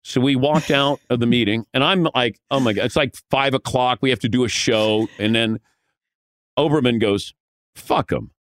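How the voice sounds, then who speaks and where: A man guest telling lively stories from his broadcasting career, acting out the quotes. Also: mid-range voice, moderate pace, dry recording, studio quality. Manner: lively storyteller who acts out quotes. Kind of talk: animated anecdote telling.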